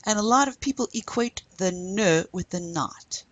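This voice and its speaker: A middle-aged woman teaching a recorded French lesson, patiently explaining step by step and saying French phrases slowly for her students. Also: medium pitch, animated, dry recording, rough recording.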